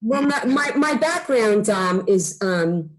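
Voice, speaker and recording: A middle-aged woman with a thick Long Island New York accent, chatting as a guest, brash and fast-talking, swearing freely. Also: mid-range voice, animated, low-quality recording. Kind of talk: casual chat.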